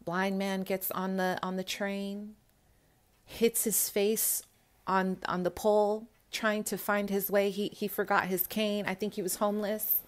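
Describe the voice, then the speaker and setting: Young woman vlogger, earnest and emphatic, mid-pitched, speaking straight to her viewers. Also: little pitch movement, a little slow. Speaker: spiritual vlogger. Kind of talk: casual talk to camera.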